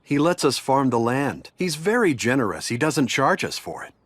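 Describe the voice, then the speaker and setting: A man's voice: mid-range voice, very animated, normal speed, slightly rough, no room sound. A man voicing a wary villager in an anime dub, questioning and cautious. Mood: explaining. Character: wary adult male villager, suspicious then apologetic.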